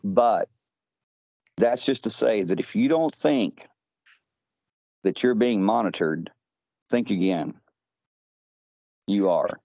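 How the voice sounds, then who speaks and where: A man's voice: lowish voice, animated, slow, creaky, pauses often, darkish tone, no echo. A man on a podcast call, retelling a strange conversation in a rambling way with lots of "he says.". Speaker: podcast guest. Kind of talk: casual podcast storytelling. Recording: dull lo-fi audio.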